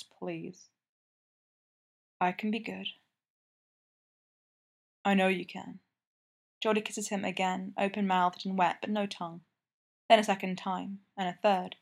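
Woman narrating a story, even and intimate. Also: mid-range voice, creaky. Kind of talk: scripted narration.

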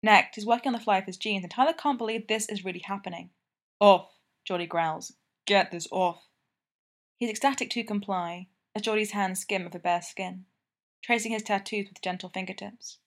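Woman, audiobook narrator, romance novel, steady, intimate, mid-pitched. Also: fairly quick.

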